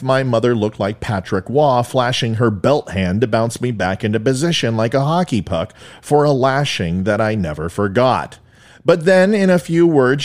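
A middle-aged man hosting his own podcast, telling a story in a solo monologue with wry, joking asides. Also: medium pitch. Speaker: podcast host.

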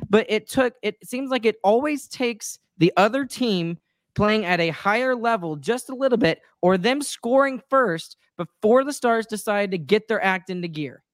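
A woman's voice: on the high side, lively intonation, a little slow, no echo, clean studio sound. A woman co-hosting a sports talk show, venting her frustration in a rambling, emotional way with many restarts and apologies. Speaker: sports podcast co-host. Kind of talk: casual chat.

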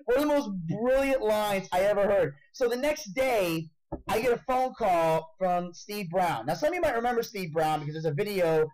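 A man hosting a casual podcast chat, telling a story in an animated way and swearing freely. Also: high-pitched, normal speed, a little hiss or hum, low-quality recording. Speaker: podcast host.

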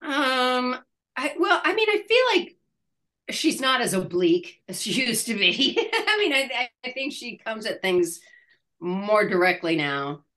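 A woman in her sixties, an actress being interviewed, telling a story in a halting way with many restarts and laughs. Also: a little high, big pitch swings, sharp tone. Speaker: actress guest. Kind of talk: casual interview chat.

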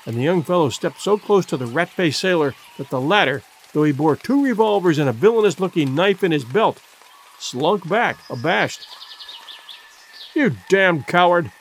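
A man reading a classic adventure novel aloud as audiobook narrator, measured and expressive. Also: fairly high pitch, husky. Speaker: audiobook reader. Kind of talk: scripted narration.

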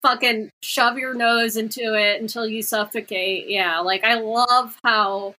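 Bright-voiced, opinionated woman. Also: a little high, fairly even intonation, poor audio. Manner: opinionated, emphatic, with quick restarts. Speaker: podcast co-host. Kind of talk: casual film podcast chat.

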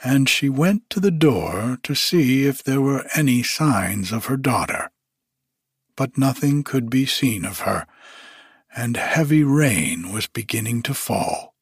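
A man reading a fairy tale aloud as a bedtime story, in an unhurried, expressive way. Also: mid-range voice, breathy edge, dry recording, clean studio sound.

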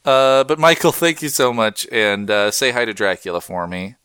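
Male podcast host, Pacific Northwest accent, animated and jokey, dry close sound. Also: mid-range voice, normal speed, clean tone, no room sound. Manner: animated, joking. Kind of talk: casual podcast chat.

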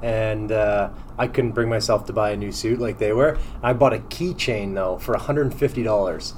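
A man hosting a casual podcast interview, relaxed and laughing easily, who also plays hockey. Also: fairly low pitch, normal speed, a little hiss or hum. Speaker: podcast host and hockey player.

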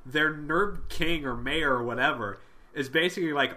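A man's voice: a little high, fairly quick. A man co-hosting a casual podcast, recapping comic issues and acting out the characters' lines with plenty of swearing. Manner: animated, acts out characters' lines with profanity. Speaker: podcast co-host.

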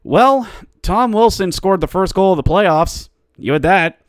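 A man's voice: sits high, expressive, unhurried, clean tone, no room sound, clean studio sound. A man hosting a solo sports podcast, mocking and ranting, rising into exasperated outbursts. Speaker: podcast host. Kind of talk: sarcastic solo sports commentary.

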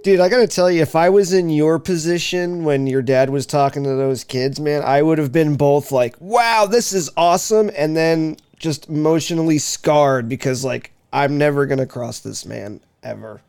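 Smooth-voiced man chatting casually. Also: on the high side, little pitch movement, moderate pace, hardly any pauses, darkish tone. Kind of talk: casual chat.

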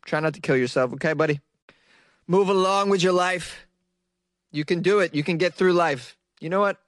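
A man's voice: a little high, fairly bright tone, no echo. A man from Boston hosting a comedy news segment, teasing and sarcastic and laughing often. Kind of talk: mocking comic commentary on weird news.

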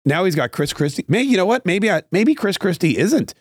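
A man's voice: high-pitched, very animated, fairly quick, slightly rough, no echo, clean studio sound. A man hosting a political podcast, giving sarcastic, rambling opinion commentary with frequent restarts.

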